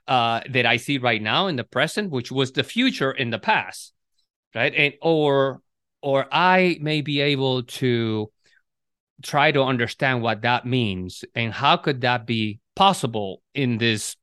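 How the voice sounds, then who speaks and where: A man's voice: medium pitch, expressive, a little slow, fairly bright tone, dry recording, studio quality. A man co-hosting a podcast, talking in a reflective, casual way with many restarts. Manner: reflective, restarts and repeats words. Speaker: podcast co-host. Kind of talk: casual conversation.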